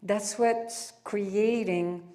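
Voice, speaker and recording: A woman with a French accent, a spiritual teacher giving a satsang talk to a live audience, speaking in drawn-out phrases with frequent restarts. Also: mid-range voice, steady tone, mellow.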